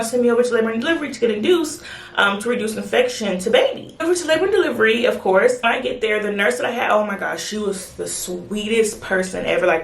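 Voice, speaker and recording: A woman telling her birth story in a casual, excited, chatty way, acting out the voices of the people in it. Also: medium pitch, gravelly. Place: home bathroom. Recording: echoey bathroom.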